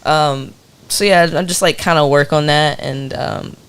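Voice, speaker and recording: A man, a rapper guest, talking in a laid-back, soft-spoken way on a podcast and laughing often. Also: a little high, steady tone, a little slow, clear, resonant tone. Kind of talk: casual podcast chat.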